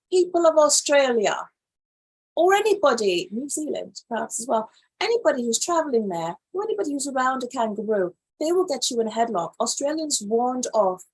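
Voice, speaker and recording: A woman hosting a live animal news show, reading stories aloud and reacting to them in casual, animated commentary. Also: a little high, normal speed, slightly rough. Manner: animated, reacts loudly then drops to quiet asides.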